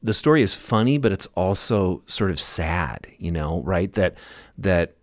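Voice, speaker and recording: Guest author, male, very deep voice, dry close mic; reflective, chatty, quick to laugh. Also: animated, no echo. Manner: thoughtful, laughs often, many restarts. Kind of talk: casual conversational interview.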